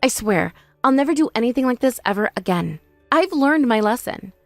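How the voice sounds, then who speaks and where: A woman's voice: on the high side, lively intonation, brisk, dry recording, faint music behind. A woman voicing a desperate, remorseful young wife who begs for forgiveness in a scripted drama. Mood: pleading. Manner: pleading, apologetic.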